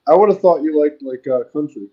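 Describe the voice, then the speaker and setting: A man's voice: a little high, a little fast, muffled recording, a little hiss or hum. A man co-hosting a podcast, joking and teasing his friend in casual chat. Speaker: podcast co-host.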